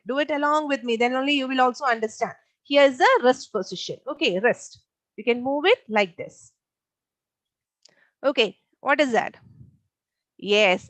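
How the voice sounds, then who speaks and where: A woman's voice: high voice, fairly bright tone, no echo, poor audio. A young woman teaching a live online science class, repeating key points and asking her pupils questions.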